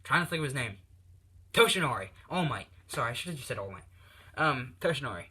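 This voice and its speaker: A man improvises a fan story in a loose, rambling way, padding it with fillers as he thinks. His voice is bright and forceful, at a middle pitch, recorded on a tablet. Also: lively intonation, fast, breathy edge.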